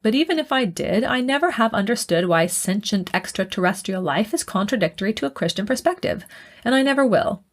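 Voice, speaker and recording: Brief: woman voicing a calm, commanding audiobook starship captain, stubborn and skeptical, middle pitch. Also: brisk. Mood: firm.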